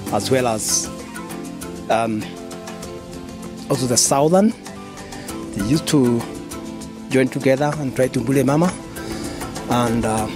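A man, an animal keeper, explaining outdoors in a halting way with fillers and repeats. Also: medium pitch. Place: outdoor wildlife enclosure.

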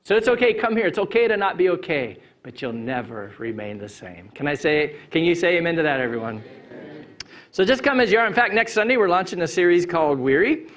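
A man pastoring a church congregation speaks into a handheld mic, his voice sitting somewhat high for a man. He is relaxed and playful, swinging from loud, lifted lines to low, quiet ones. He is middle-aged and preaches in a sanctuary. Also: a little fast. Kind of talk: Easter sermon with a joke.

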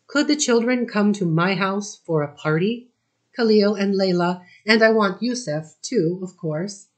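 A woman's voice: medium pitch, a little slow, natural voice. A woman reading the part of a shy, polite young woman who asks things timidly.

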